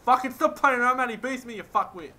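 A man's voice: extremely high pitch, animated, fast, slight background noise. A man in casual gaming voice chat, swearing, laughing and pleading with his teammates. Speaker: gamer in voice chat. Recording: loud gunfire behind voice. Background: loud game gunfire.

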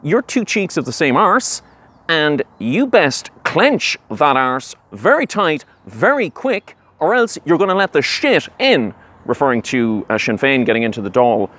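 A man's voice: a little high, sing-song, measured pace, a bit bright, full character voice. Man doing a pompous Cork property tycoon. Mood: smug. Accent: Cork, Irish. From Ireland. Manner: pompous, boastful, theatrical. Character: smug posh Cork businessman, arrogant. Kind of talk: satirical character monologue.

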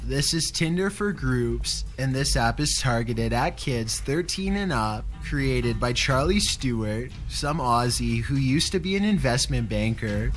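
A man giving scripted narration for a countdown video, delivered with dry, sarcastic asides. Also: medium pitch.

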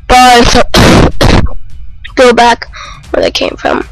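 A man giving casual, excitable, self-mocking commentary while playing a video game. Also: very high-pitched, extremely slow, vocal fry, pauses often, faint music behind, low-quality recording. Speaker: let's play gamer.

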